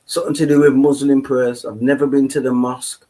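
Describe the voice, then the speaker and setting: A man's voice: mid-range voice, little pitch movement, a little fast, dark tone. A man casually telling a long story on a podcast, rambling and saying "you get me" constantly. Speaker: podcast host.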